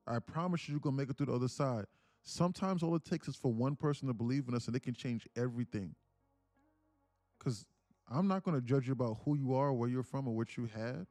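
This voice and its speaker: Streamer host, young guy, warm mellow voice, dry close sound, heartfelt and rambling. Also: medium pitch, no echo. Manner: earnest, repetitive, calls listeners "man" and "bro"; reads chat aloud. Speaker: livestream trading host. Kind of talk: casual motivational livestream talk.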